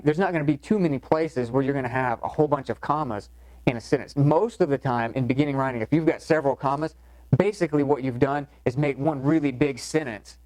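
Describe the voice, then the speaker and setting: A man gives a recorded writing lesson, explaining points in a relaxed, conversational way and circling back with fillers and restarts. His voice sits at an ordinary middle pitch. The sound is close and dry, with no room echo. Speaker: course instructor. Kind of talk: recorded lecture.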